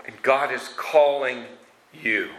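A man with a medium-pitched, fairly bright voice preaches a sermon, retelling scripture stories slowly and earnestly with casual asides. The audio quality is poor.

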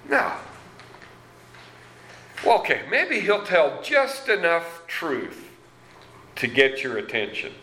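A man preaching a sermon as pastor, slow and deliberate, reading scripture with dramatic emphasis. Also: medium pitch, pushed and bright, slight background noise. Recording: roomy echo.

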